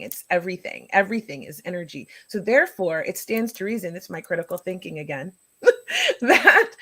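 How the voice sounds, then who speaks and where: A woman hosting a live show, talking in long rambling chains of thought and restarting her sentences. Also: mid-range voice. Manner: rambling, thinking aloud. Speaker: host.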